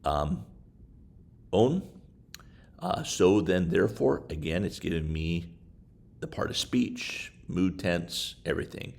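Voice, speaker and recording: A man giving a casual screen-share tutorial on study software, talking in a halting way with many fillers. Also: low voice, vocal fry. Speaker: instructor. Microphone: desktop microphone while screen recording.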